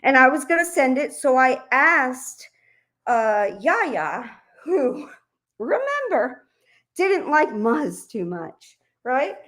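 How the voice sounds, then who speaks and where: A woman's voice: high-pitched, big pitch swings, slow, fairly bright tone. A middle-aged woman streamer delivering an angry, profane, confrontational rant to her audience. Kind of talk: heated livestream rant.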